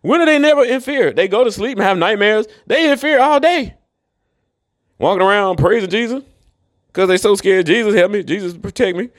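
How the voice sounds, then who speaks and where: A man's voice: high-pitched, lively intonation, moderate pace. A man in a rambling solo monologue, profane and mocking, who laughs often. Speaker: commentator.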